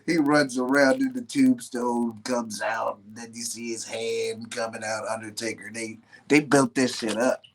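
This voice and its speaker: A man, a guest, telling stories in an animated, slangy way with frequent swearing. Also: mid-range voice, a little slow, hardly any pauses. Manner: animated, slangy storyteller who swears often. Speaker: guest, professional wrestler. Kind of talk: casual storytelling.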